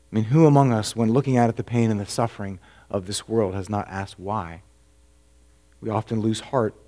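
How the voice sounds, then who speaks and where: A man preaching a sermon as a pastor, earnest and full of rhetorical questions, dropping to a hush and then rising to emphatic points. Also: on the low side.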